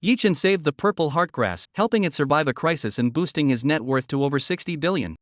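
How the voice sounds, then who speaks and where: Male recap narrator, pitched a little high, animated, dry close mic. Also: a little fast, dry recording. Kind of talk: scripted narration.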